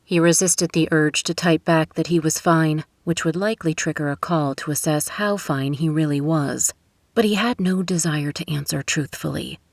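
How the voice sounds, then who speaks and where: A woman narrating a romance novel audiobook in a steady, measured storytelling voice. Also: sits low, no echo. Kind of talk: scripted narration. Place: recording booth. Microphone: studio microphone.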